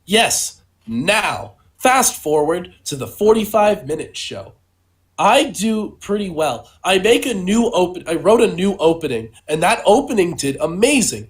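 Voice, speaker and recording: A man's voice: high voice, very animated, unhurried. A young man co-hosting a casual podcast, telling a long absurd story in a rambling way full of "like" and "you know". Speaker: podcast co-host and stand-up comedian.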